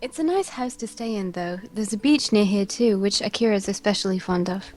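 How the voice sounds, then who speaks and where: A woman voicing a polite, soft-spoken young woman while reading a visual novel aloud with a friend. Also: mid-range voice, brisk, over music, natural voice. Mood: gentle. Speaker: co-player voicing characters. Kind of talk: casual visual novel read-along.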